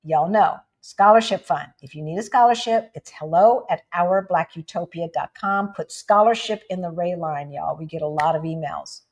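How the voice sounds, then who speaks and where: A woman's voice: normal speed, hardly any pauses. A woman from the United States co-hosting a casual livestream, chatting with viewers and often asking "right?". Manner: animated, jumps up in pitch for emphasis. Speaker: livestream co-host.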